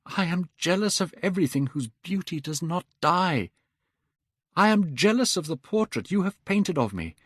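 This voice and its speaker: A man's voice: high voice, expressive, moderate pace, fairly bright tone, no room sound, clean studio sound, voice pushed up. A man voicing a beautiful, vain young man who pleads in anguish. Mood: bitter.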